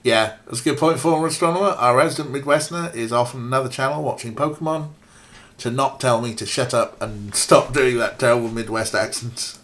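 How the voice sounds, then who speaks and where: A man's voice: mid-range voice, fairly even intonation, a little fast, a bit bright. A man casually playing a point-and-click game, reading its text aloud with wry, self-mocking remarks. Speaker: let's play streamer.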